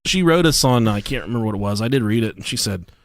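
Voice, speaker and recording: A man's voice: lowish voice, animated, fast, no room sound, clean studio sound. A young man with an Ohio accent co-hosting a podcast, joking crudely and cursing freely in casual banter. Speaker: podcast co-host. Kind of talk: casual chat.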